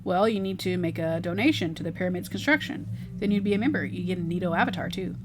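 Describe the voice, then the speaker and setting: A woman's voice: on the low side, fast, slight background noise, natural voice. A woman voicing a smug, evasive guard at an exclusive club, answering questions in a dry, offhand way. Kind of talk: reading game dialogue aloud.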